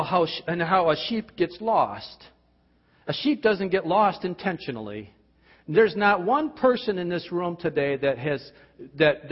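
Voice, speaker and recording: A man preaching a sermon, asking emphatic rhetorical questions and dropping at times to quiet, intense tones. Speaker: pastor. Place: church. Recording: dull, boomy hall sound.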